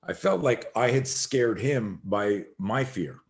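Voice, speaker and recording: A middle-aged man, a self-defense instructor, telling an animated story as a podcast guest and acting out the voices in it. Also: medium pitch, takes it slowly.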